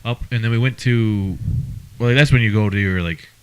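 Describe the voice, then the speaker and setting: A man's voice: fairly low pitch, moderate pace, smooth. A man co-hosting a podcast in casual chat, rambling and joking, with frequent "like". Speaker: podcast co-host.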